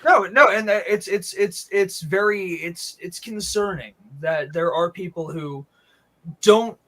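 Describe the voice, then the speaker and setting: A man guesting on a radio live stream, talking casually in a very high register and rambling with lots of restarts. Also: measured pace, crowd noise. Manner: rambling, restarts with repeated words. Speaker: musician guest.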